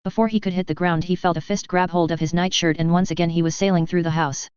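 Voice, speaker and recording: A narrator reading action fiction aloud in a steady, even storytelling manner, on a slightly dull recording. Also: medium pitch, quick pace, clear, resonant tone, no echo.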